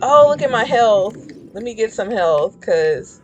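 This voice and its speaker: A woman's voice: a little high, sing-song, a little slow, faint music behind. A woman chatting casually while streaming a game, rambling and shrieking when startled. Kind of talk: casual gameplay commentary.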